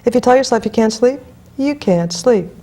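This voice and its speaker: A woman's voice: on the high side, animated, moderate pace, mellow. A woman guest hypnotist in an interview, telling client stories bluntly and emphatically. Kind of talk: interview storytelling.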